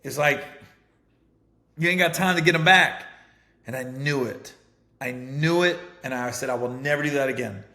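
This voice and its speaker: A middle-aged man, a comedian hosting his own show, telling stories in a casual, animated monologue with a gravelly voice. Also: medium pitch, moderate pace, long pauses, reverberant. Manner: animated storytelling, rising to shouts when fired up. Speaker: comedian and podcast host.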